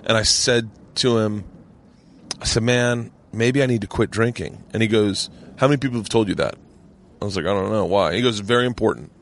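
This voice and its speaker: A man's voice: fairly low pitch, a little fast. A man hosting a podcast in casual chat, telling stories animatedly, acting out quotes and swearing freely. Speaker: podcast host.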